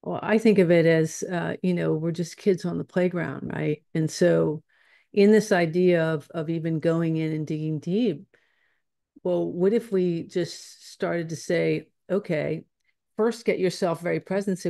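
A woman's voice: on the low side, steady tone, a little slow, vocal fry, warm tone. A woman guest teaching spiritual ideas in conversation, earnest and searching, often restarting her phrases.

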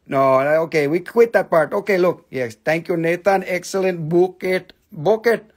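A man hosting a live sales stream from his home, with rushed, joking sales patter. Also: high voice. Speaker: live-stream seller of rocks and jewelry.

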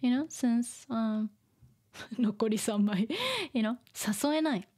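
A woman teaching vocabulary through a manga, explaining slowly, repeating words and laughing often. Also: a little high, dark tone. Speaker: Japanese teacher. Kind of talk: manga reading lesson.

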